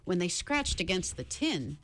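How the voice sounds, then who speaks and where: A woman's voice: lowish voice, sing-song, a little slow, a bit bright, full character voice. A woman reading a storybook, voicing a big cowardly male lion who talks plaintively about his fears. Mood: sorrowful.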